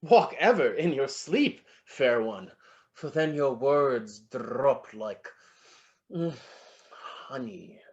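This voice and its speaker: An actor playing a flattering, lovestruck poet in an amateur online stage play, savoring each word and muttering to himself. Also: mid-range voice, takes it slowly, highs cut off. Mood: wooing. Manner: florid, wooing, savoring words, muttering to himself. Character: lovestruck, flattering William Shakespeare, a playful poet.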